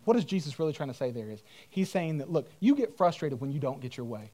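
A man's voice: on the high side, big pitch swings, quick pace, dark tone. A man preaching a sermon as pastor, earnest and emphatic, in casual everyday speech.

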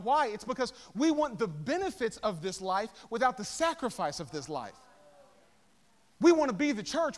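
A pastor preaching a sermon, firing rhetorical questions and casual asides with emphatic delivery. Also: male voice, high voice. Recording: long reverb of a large hall.

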